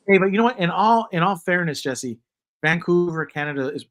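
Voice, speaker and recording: A man in his fifties hosting a casual livestream chat, rambling and joking in a loose, animated way. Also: high voice, moderate pace, faint music behind, low-quality recording. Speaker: host.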